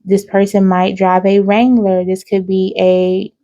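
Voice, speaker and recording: Mellow, even-toned woman giving a spiritual reading. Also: mid-range voice, unhurried, dull audio. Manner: frequent "okay?" tag questions, reeling off numbers. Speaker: spiritual reader. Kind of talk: intuitive card reading to viewers.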